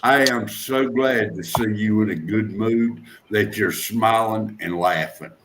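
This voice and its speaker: Slow-talking folksy joking man. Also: on the low side, fairly bright tone. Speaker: livestream guest. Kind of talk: casual chat.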